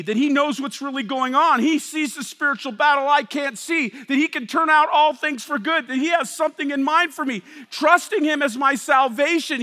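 A man preaching a sermon, swinging from loud emphatic passages to hushed, intense ones. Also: extremely high pitch, long reverb tail. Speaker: pastor.

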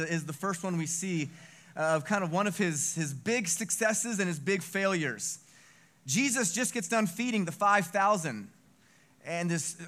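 Guy preaching, kinda high voice, bright and animated, acts out the quotes. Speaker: pastor. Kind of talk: sermon.

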